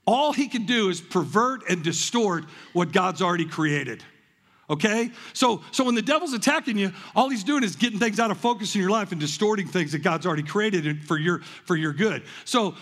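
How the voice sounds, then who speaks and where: A man preaching a lively sermon, telling stories and acting them out, often repeating words as he goes. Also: high voice, breathy edge. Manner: animated storytelling, repeats words, acts out with congregation. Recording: long hall reverb, large room.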